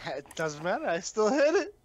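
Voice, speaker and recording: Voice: mid-range voice, sing-song, moderate pace. A player at a tabletop game, stubborn and playful. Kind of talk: casual tabletop play.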